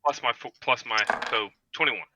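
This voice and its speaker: A man playing a tabletop game, hesitant and filling pauses as he thinks. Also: medium pitch, muffled recording, background noise. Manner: hesitant, fillers. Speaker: player. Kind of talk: casual tabletop play.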